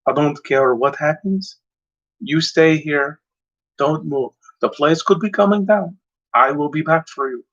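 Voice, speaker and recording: A man's voice: fairly high pitch, a little slow, fairly bright tone. Man doing a stern action-hero dad. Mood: commanding. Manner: commanding, clipped, with a put-on accent. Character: stern action-hero father giving orders, grown man. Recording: dull lo-fi sound.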